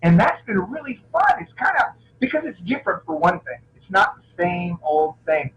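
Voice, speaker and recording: A middle-aged man with a high voice and a lively, swooping delivery tells stories as a guest in a casual interview. He is an action film actor who keeps restarting his sentences, his pitch leaping up and down as he goes. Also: normal speed, highs cut off, slight background noise. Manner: animated anecdotes, frequent restarts.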